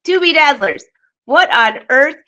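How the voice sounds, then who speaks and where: A woman hosting a live sewing vlog from her home studio, chatty and excitable, laughing often. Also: high voice, unhurried, lo-fi sound, noisy background. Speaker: vlog host. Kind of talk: live-streamed casual chat.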